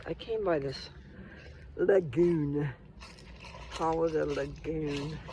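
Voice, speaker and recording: A man's voice: a little high, vocal fry, a little hiss or hum. A man rambling to his viewers as he walks outdoors along a path, recording on a handheld phone. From Colorado. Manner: rambling, talks to viewers while walking. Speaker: vlogger. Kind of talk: casual walking vlog.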